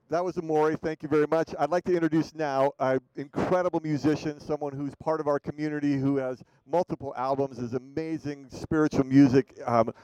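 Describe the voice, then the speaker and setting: A man's voice: a little high, a little mellow, clear, resonant tone, no echo, muffled recording. A man hosting a ceremony, enthusiastically introducing a musician on a handheld microphone. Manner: enthusiastic, building to a big introduction. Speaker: ceremony host. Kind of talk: introducing speakers.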